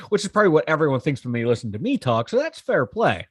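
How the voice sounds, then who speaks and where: Guy cohosting a podcast, pitch all over the place, dry close sound. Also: fast talker, breathy edge, dry recording. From western Pennsylvania. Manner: animated, sarcastic, self-deprecating, laughs often. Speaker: podcast co-host. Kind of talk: casual chat.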